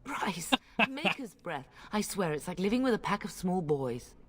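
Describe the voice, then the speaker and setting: A woman voicing a middle-aged noble mother with a wry, gently sarcastic manner. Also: on the low side, sing-song, measured pace.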